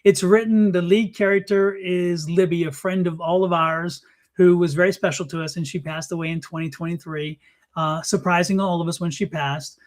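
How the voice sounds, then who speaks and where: A high-voiced man co-hosting a casual live stream. He talks in a loose, rambling way, full of asides. His speech is unhurried and conversational. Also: steady tone. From Arizona. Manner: chatty and rambling, plugging his books. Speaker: co-host and author.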